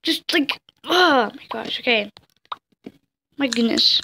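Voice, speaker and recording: A young woman playing a story game out loud, flustered and stammering, often breaking into worried exclamations. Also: a little high, expressive, slow, creaky, slight background noise. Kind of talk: casual let's-play reactions.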